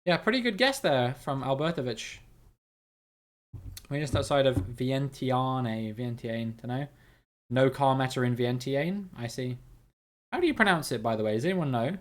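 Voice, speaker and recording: A man's voice: medium pitch, expressive, normal speed, long pauses. Chatty man thinking aloud on a stream. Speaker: streamer hosting a chat guessing game. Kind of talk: live game-stream commentary.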